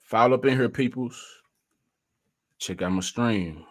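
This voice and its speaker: A man's voice: medium pitch, measured pace. A man hosting a casual live stream, talking in loose slang and greeting viewers by name as they join.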